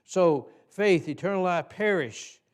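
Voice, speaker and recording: A man with a slightly high voice leads a teaching session in a church hall. His talk is folksy and halting, full of fillers and restarted phrases. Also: lively intonation. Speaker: Sunday school teacher trainer.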